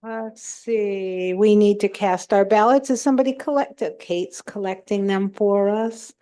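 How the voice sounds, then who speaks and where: A woman's voice: medium pitch, fairly even intonation, unhurried, warm tone. A woman leading a club meeting, chatty and joking with the members. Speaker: toastmaster of the meeting. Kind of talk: meeting facilitation.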